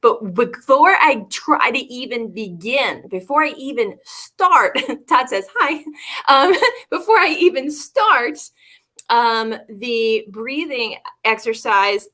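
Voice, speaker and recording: A woman co-hosts a casual livestream, chatting with a bright, forceful edge and a slightly raised pitch. She laughs often and speaks directly to her viewers. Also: animated, slow. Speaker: co-host.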